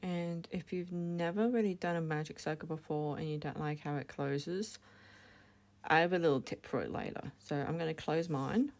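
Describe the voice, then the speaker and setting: A woman's low, darkish voice moves at a normal speed as she casually demonstrates crochet step by step. She's chatty, corrects herself along the way, and laughs at her slips.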